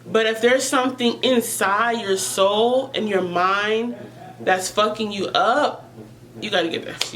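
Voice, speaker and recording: Taking her time, a woman with a medium-pitched, slightly bright voice talks to her viewers about mental health. She is earnest and emotional, frequently repeating herself as she gropes for words, and the recording is of poor quality.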